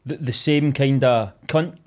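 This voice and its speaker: A young Scottish man chatting as a podcast guest, swearing freely and laughing through animated stories. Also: medium pitch, unhurried. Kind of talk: casual chat.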